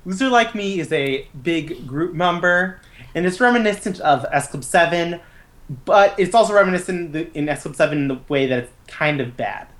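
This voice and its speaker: A woman's voice: lowish voice, expressive, normal speed. Enthusiastic woman podcast co-host. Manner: enthusiastic, stumbling restarts. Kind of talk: casual chat.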